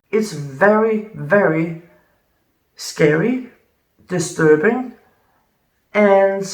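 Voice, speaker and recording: A woman's voice: fairly low pitch, vocal fry. A woman giving casual, emphatic commentary on a true crime case. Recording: roomy, distant from mic.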